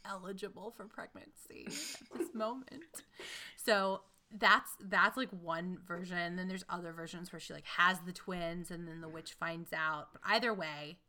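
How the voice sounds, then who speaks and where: Casual female co-host, bright voice, animated and wry. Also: on the low side, unhurried, hardly any pauses. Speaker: podcast co-host. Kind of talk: casual chat retelling a fairy tale.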